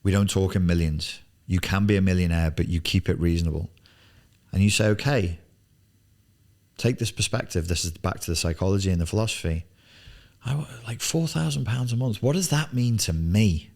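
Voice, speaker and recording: A man's voice: low voice, a little fast, vocal fry, darkish tone. A man in his forties coaching on business in a blunt, emphatic studio monologue, swearing freely and repeating words for emphasis. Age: 40s. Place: television studio.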